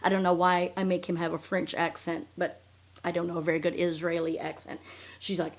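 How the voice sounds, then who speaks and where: A woman's voice: fairly low pitch, flat delivery, fairly quick. A woman hosting a podcast, recapping in a blunt, profane, sarcastic casual chat. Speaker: podcast host.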